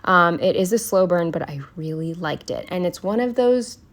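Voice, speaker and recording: A woman in her twenties chatting casually through her planner week, swearing freely and filling pauses with "um" and "like". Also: lowish voice, lively intonation. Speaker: planner vlogger. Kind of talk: casual chat.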